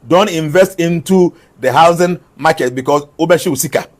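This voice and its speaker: A man's voice: a little high, a little fast. A man delivering numbered prophetic forecasts, repeating each one and switching between English and a local language. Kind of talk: numbered predictions mixed with local-language asides.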